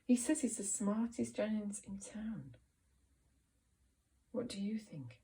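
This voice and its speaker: A woman teacher giving an encouraging, expressive reading lesson to young children, asking them questions about the story. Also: mid-range voice, slow. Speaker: primary school teacher.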